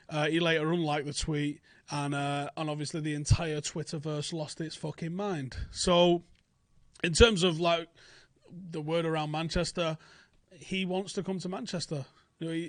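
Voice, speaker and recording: A man's voice: a little high, no room sound. A young man, hosting casual football transfer talk, blunt, sweary and often incredulous. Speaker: football channel host.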